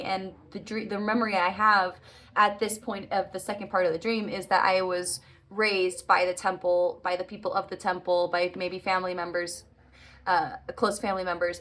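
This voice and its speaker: A woman speaking at a middle pitch in a relaxed, unscripted monologue. She talks earnestly and rambles a little, breaking off and restarting as she works through a long story. Fillers like "uh" and "like" keep it loose and conversational. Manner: earnest, rambling, self-correcting with frequent "like" and "uh". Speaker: vlogger recounting a dream.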